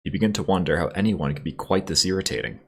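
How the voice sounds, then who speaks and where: A man hosts a let's play, reading game text and chatting wryly over the gameplay in a relaxed, easygoing way. His voice sits low, and he talks fast with vocal fry and a breathy edge.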